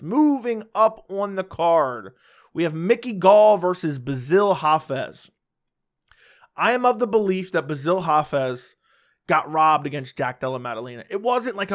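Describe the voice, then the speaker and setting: A man's voice: a little high, a bit bright. Blunt, opinionated man breaking down fights. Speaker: MMA fight predictor. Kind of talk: casual solo fight-prediction commentary.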